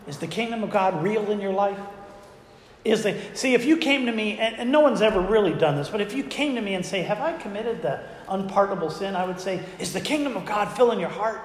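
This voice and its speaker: A man with a high voice preaches a conversational sermon and keeps throwing rhetorical questions at his congregation. His voice rings through a roomy church hall with a long reverb tail. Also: expressive, fairly quick. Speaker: pastor. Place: church sanctuary.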